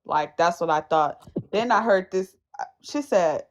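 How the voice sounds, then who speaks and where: A woman's voice: fairly low pitch, lively intonation, a little slow, highs cut off. A woman in a casual live stream chat, blunt and teasing.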